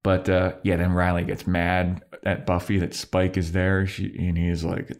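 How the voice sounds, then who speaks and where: A man with a low voice chats casually on a podcast, recapping a TV episode. He acts out the characters' lines as he goes, with plenty of swearing and laughing. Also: unhurried, hardly any pauses. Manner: animated retelling, acting out characters' lines, frequent swearing and laughter. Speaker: podcast co-host.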